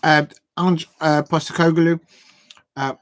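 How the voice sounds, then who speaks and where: A man's voice: on the high side, little pitch movement, slow pace, no echo. A man hosting a live football transfer show, chatty and hesitant, with lots of fillers as he reads out quotes.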